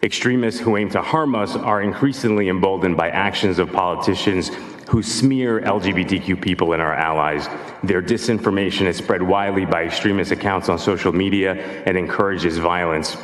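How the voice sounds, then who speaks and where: A man reading prepared public testimony at a hearing, forceful and pleading in his advocacy. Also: sits low, brisk. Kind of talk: prepared testimony read aloud. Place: large legislative hearing room. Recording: echoey hall with long reverb.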